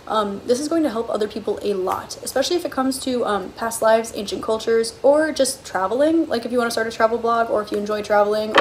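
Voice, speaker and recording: Chatty woman doing a tarot pick-a-card reading, bubbly, slightly high voice. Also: a little hiss or hum. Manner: chatty, bubbly, peppered with "like" and "okay?". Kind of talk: casual spiritual reading.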